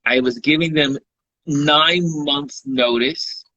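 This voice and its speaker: A lively male storyteller with a bright, forceful voice, pitched a little high for a man. He chats on a live stream and slips into quoted dialogue as he goes. The sound is dry and dull, like a lo-fi phone mic. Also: takes it slowly, no echo. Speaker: guest photographer. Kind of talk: casual live-stream interview.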